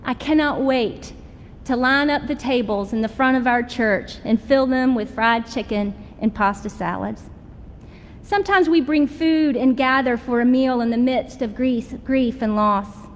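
A woman's voice: a little high, unhurried, big-room sound, a little hiss or hum. A middle-aged woman pastor with a Southern American accent, preaching a sermon in a folksy, humorous storytelling way. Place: church sanctuary.

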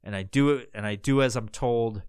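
A man's voice: mid-range voice, normal speed, darkish tone, clean tone, no echo, studio quality. Rambling, profane male podcast host. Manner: loose and profane, full of fillers and restarts. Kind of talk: casual rambling monologue.

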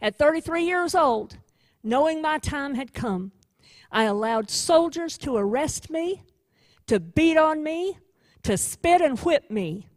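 A woman voicing a gentle male defense attorney who speaks as a savior, hushed and tender, often half-whispered. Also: high-pitched, slow pace, dry recording, voice pushed up.

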